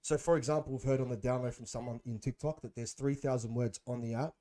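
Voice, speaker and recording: A man's voice: medium pitch, fast talker. Slangy man telling stories. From Australia. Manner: animated storytelling, slangy, says bro and man. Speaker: guest. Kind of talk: casual interview chat.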